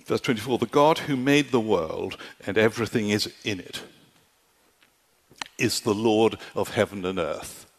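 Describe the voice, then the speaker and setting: A man's voice: fairly low pitch, a little slow. A man preaching a sermon in an emphatic style, often checking in with his listeners by asking if they see his point. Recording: long hall reverb.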